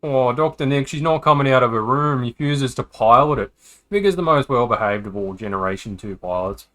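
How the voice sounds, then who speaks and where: A man reading a visual novel aloud to his stream in a bright, forceful voice. He talks in a casual, joking way and drifts into asides between the lines. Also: medium pitch, brisk.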